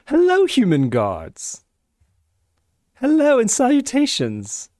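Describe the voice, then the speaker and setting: Pompous wizard lord as a player puts him on, haughty, theatrical, swooping wildly in pitch, dry close sound. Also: male voice, huge pitch swings, slow pace, a little mellow, no room sound, heavily acted. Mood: grandiose. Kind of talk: in-character tabletop role-play.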